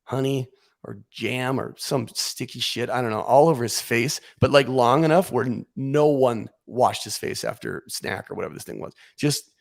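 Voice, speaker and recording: A man as a podcast guest, telling a comic story in a casual, animated way, acting out what he and others said. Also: medium pitch, moderate pace, gravelly.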